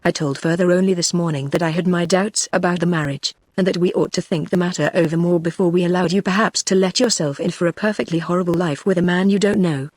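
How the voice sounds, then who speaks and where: A woman with a British English accent, read by text-to-speech, voicing a haughty, scheming young woman in an even synthetic delivery. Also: on the low side, fast talker, hardly any pauses, no echo, natural voice.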